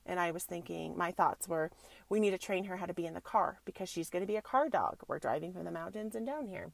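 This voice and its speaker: A woman hosting her own podcast, telling a personal story in a casual, animated way and mixing in spiritual affirmations for her listeners. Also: mid-range voice, vocal fry, dry recording. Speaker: podcast host.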